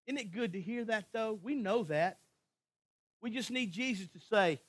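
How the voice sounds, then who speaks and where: A pastor preaching a sermon with passion, moving from hushed tones to near shouts and repeating phrases rhythmically. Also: male voice, high voice, moderate pace. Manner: repetitive, rhythmic emphasis.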